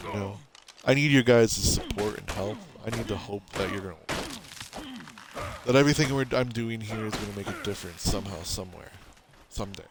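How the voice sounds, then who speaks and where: A man's voice: fairly low pitch, normal speed, long pauses, background noise. A man rambling through gameplay commentary in a mock-earnest, confessional way, cracking self-mocking jokes. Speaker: gameplay streamer. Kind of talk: rambling let's-play commentary.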